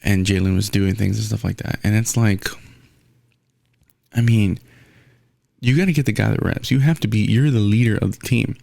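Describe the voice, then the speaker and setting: A man's voice: fairly low pitch, moderate pace, vocal fry, long pauses, darkish tone, no echo, clean studio sound. A young man hosting his own podcast, ranting bluntly and profanely in a casual solo sports talk. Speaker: podcast host.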